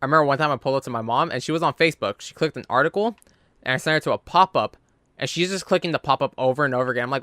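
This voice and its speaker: Man, bright voice, dry close sound, blunt, swearing, casual chat. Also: on the high side, lively intonation, very fast, no echo. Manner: blunt and swearing, rising when worked up. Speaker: podcast co-host.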